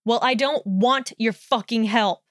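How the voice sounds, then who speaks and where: A woman's voice: on the high side, unhurried, no room sound, studio quality, close to an everyday voice. A woman voicing a hot-tempered young male wizard in a storybook reading, snarling and sneering. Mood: scornful.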